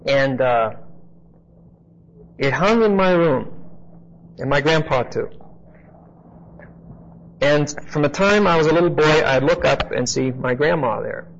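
Man teaching scripture on a muffled recording. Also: a little high. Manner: explains word meanings slowly, repeats key phrases, asks the class questions. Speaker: preacher teaching a Bible class. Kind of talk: conversational Bible teaching.

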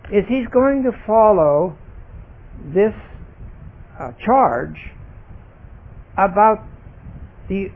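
A man leading a Bible study lesson, explaining grammar deliberately and stressing single words. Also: high voice, gravelly, husky. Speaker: Bible teacher. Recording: tinny phone-like recording.

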